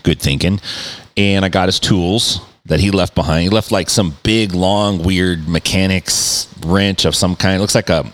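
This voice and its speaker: A middle-aged man, a podcast host, telling a story in a loose, animated way, full of swearing and mouth sound effects. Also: deep voice, moderate pace. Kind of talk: casual storytelling.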